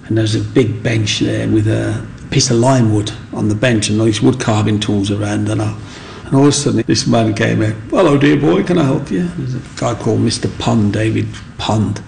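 A man's voice: lowish voice, little pitch movement, normal speed, vocal fry, hardly any pauses, darkish tone, slight background noise. A man telling his life story as an interview guest, acting out the voices of people in it. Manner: acts out voices in his anecdotes. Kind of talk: animated storytelling.

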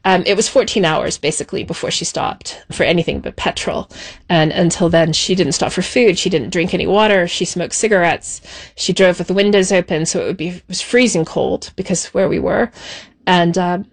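A woman being interviewed, telling a childhood memory in a reflective, measured way with soft pauses. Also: lowish voice, vocal fry. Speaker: interview guest. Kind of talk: personal recollection.

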